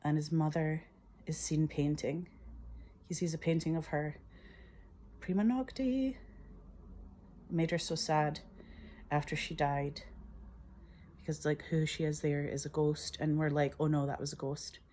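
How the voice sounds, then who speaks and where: Woman screenwriter, low voice, pitching her film scene by scene: enthusiastic, emotional, self-mocking laughs. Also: measured pace, long pauses, warm tone, slight background noise. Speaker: filmmaker describing her screenplay. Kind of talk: animated scene-by-scene retelling.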